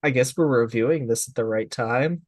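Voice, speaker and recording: A man's voice: mid-range voice, normal speed, no echo. A man co-hosting an anime review podcast, talking casually in a thoughtful, slightly hesitant way. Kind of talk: casual chat.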